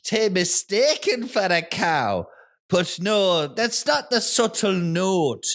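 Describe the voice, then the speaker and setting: Man putting on a shouty crude old farmer. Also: high-pitched, big pitch swings, takes it slowly, voice pushed up, full character voice. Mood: boastful. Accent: put-on rural English. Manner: shouty, laughing through his lines. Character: gruff bossy old male farmer, crude and boastful.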